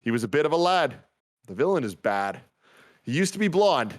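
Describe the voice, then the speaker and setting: A man's voice: a little high, sing-song, fairly quick, no echo. Enthusiastic man hosting a film review chat. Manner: enthusiastic, reads listener reviews aloud. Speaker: podcast host. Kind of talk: casual movie review chat.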